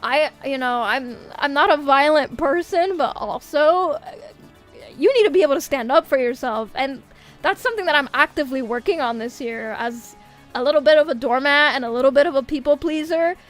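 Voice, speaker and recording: A woman's voice: high voice, a little fast, faint music behind. A woman streamer in casual livestream chat, ranting animatedly with lots of swearing and frequent laughter. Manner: laughs often. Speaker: VTuber streamer.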